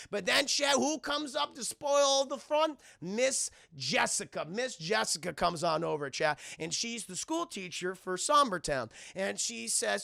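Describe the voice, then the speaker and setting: A man's voice: high-pitched, expressive, a little slow, creaky, hardly any pauses, bright, forceful tone, no room sound, clean studio sound. A man retelling a film on a live stream, rambling, profane and talking straight to his chat. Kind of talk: casual stream commentary.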